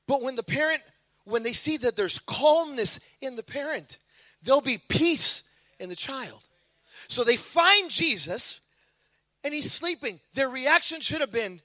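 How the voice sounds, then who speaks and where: Bright, lively high-voiced preacher. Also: male voice, normal speed, dry recording. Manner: animated storytelling with acted voices. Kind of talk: sermon.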